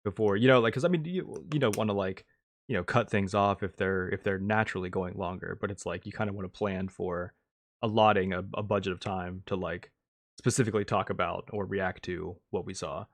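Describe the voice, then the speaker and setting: A man co-hosting a podcast, talking casually and thinking out loud as he plans segments. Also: low voice, brisk. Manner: plans aloud with many fillers and restarts. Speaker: podcast co-host. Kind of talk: casual chat.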